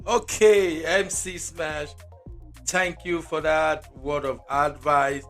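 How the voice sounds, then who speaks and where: A man's voice: on the high side, fairly even intonation, takes it slowly, a bit bright, faint music behind. A man hosting a podcast interview, friendly and teasing. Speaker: podcast host.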